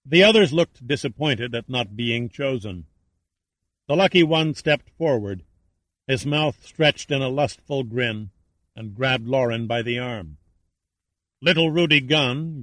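A man reading a thriller novel aloud in measured, dramatic narration. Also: medium pitch, a bit bright, dry recording. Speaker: audiobook narrator. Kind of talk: scripted narration.

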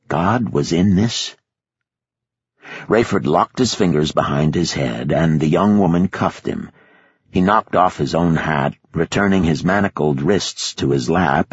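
A man reading an audiobook in a measured, expressive scripted narration. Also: very deep voice, slightly rough, no echo, highs cut off.

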